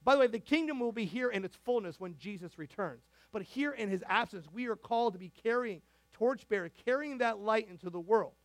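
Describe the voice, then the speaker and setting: A man preaching a sermon as a pastor, animated and conversational, with frequent asides and restarts. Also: high voice, dry recording. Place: church sanctuary.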